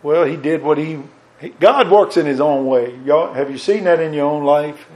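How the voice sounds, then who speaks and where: A man preaching a sermon in a folksy way, reading scripture aloud and swinging between loud emphasis and soft asides. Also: fairly high pitch, moderate pace.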